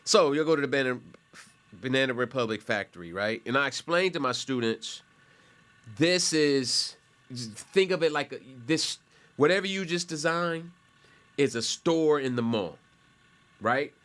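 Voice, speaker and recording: A male college instructor with a mid-range, animated, fairly bright voice at normal speed casually explains a topic in class while screen sharing and clicking through websites. His delivery rambles conversationally, full of asides and self-corrections.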